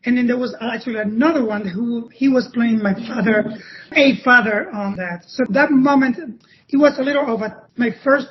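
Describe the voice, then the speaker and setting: A Spanish-speaking man from Cuba with a Cuban Spanish accent, a podcast guest telling stories in a halting way that often restarts phrases. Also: very high voice, a little hiss or hum. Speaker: podcast guest, former ballet dancer. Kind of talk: conversational interview storytelling. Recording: dull lo-fi podcast audio.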